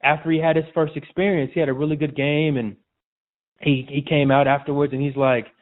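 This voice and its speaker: A man, a sports reporter appearing as a guest, talking casually and loosely in a relaxed, chatty way. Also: on the high side, a little fast. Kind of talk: casual interview chat. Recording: tinny phone-like audio.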